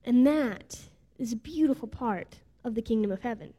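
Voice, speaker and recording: A woman preacher shares a personal story in her sermon, speaking in a heartfelt way with a slightly high voice. Her words ring out with a long reverb, as if in a large church sanctuary. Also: animated, normal speed, warm tone, slightly rough.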